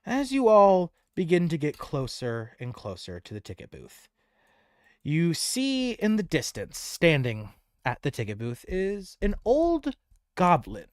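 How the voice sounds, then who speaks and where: Male game master, lively pitch, slightly high, dry close mic. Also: a little slow, no echo. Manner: animated, descriptive. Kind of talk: narrating a tabletop game.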